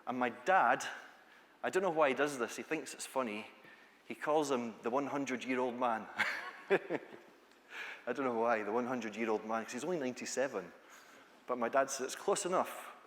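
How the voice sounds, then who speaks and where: A man's voice: medium pitch, moderate pace, pauses often, a bit bright. A Scottish man from the east coast, giving a playful, chatty conference talk that tells stories and asks the audience questions. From Scotland. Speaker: conference speaker, teacher trainer. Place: large conference hall. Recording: long hall reverb.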